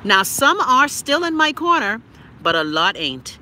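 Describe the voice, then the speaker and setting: A Bahamian woman in her fifties with a Bahamian accent, hosting a casual livestream chat and ranting loudly with plenty of profanity, talking into a phone outdoors near traffic. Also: sits high, a little slow. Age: 50s. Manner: loud, profane, animated ranting. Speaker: livestream host.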